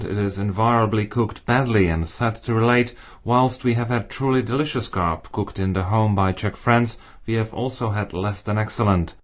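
A man reading listeners' letters aloud on a radio show in a steady, plain way. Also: fairly low pitch.

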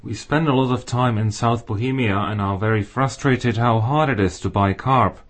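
A man reading listeners' letters aloud on a radio show in a steady, plain way. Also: medium pitch, normal speed.

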